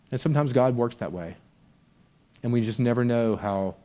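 Brief: male pastor, lower voice, warm and mellow, conversational sermon with expressive reading. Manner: conversational, reads aloud expressively. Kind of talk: sermon with a read-aloud story.

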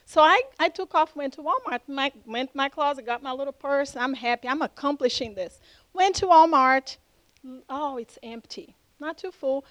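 A woman with a non-native English accent tells her testimony in an animated way, jumping up in pitch as she acts out what people said. Her voice sits high, and the recording is close and dry with no room sound. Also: moderate pace, no room sound, rough recording. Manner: animated, acts out dialogue with lively pitch jumps. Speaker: church member giving a testimony. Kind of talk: storytelling testimony.

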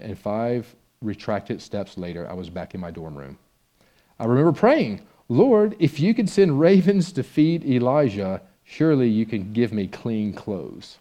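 A man's voice: lowish voice, mellow. A man preaching a conversational sermon and reading a story aloud from a book with expression. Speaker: pastor.

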